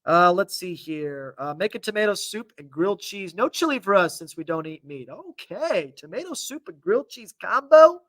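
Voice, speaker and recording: A man's voice: high voice, big pitch swings, moderate pace, hardly any pauses, fairly bright tone, dry recording. A man presenting a casual weather live stream, chatty and upbeat as he reads out viewer comments, sounding a little congested. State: slightly congested. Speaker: TV meteorologist.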